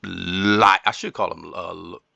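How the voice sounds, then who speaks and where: A man recording commentary on a strategy game at home, excitable and rambling, talking straight to his viewers. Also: sits low, unhurried, gravelly, no room sound, lo-fi sound.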